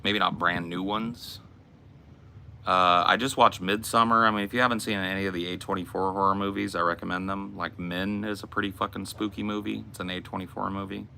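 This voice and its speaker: A man's voice: deep voice, flat delivery, fairly quick, creaky, pushed and bright, a little hiss or hum. An American man hosting a casual Q and A, blunt and laid-back, swearing often. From United States. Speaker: podcast host. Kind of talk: casual Q and A with chat.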